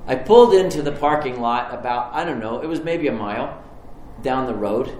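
A man preaching a sermon, telling a personal story with lively restarts and repetitions. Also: mid-range voice, moderate pace, echoey room, slight background noise, rough recording. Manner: storytelling, animated, stumbling restarts. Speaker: pastor.

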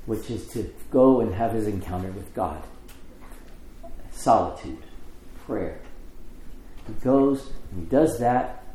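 A middle-aged man preaching a sermon, telling the story with lively acted quotes and conversational asides. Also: mid-range voice, echoey room, poor audio. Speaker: pastor.

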